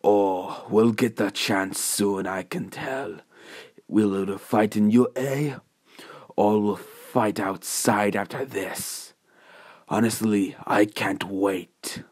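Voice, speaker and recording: A man doing a slow, solemn armored hero, low-voiced. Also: a little mellow, breathy edge, no echo, studio quality. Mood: menacing. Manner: slow, solemn, dramatic delivery. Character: stern young armored male hero, gruff and grim.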